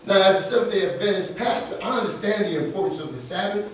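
A man's voice: high-pitched, animated, fast talker, a little hiss or hum. A male pastor preaching a sermon, telling a personal story with laughter and acting out the dialogue. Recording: echoey room, voice from far off the mic.

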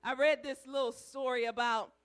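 A woman preaching a sermon, building to shouted climaxes and then dropping soft to tell stories. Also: high-pitched, steady tone, normal speed.

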